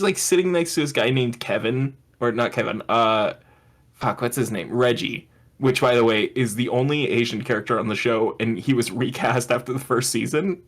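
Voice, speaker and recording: A man co-hosts a loose comedy podcast and retells a show scene by scene. He laughs often and keeps breaking into put-on voices for the characters. His pitch and tone stay in an ordinary middle range. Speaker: podcast co-host. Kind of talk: casual comedic chat.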